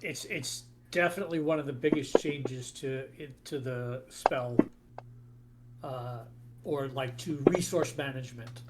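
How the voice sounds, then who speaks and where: A man narrating as game master of a tabletop game, describing scenes in halting bursts with frequent restarts. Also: mid-range voice, over a noisy crowd. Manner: halting, many restarts and fillers.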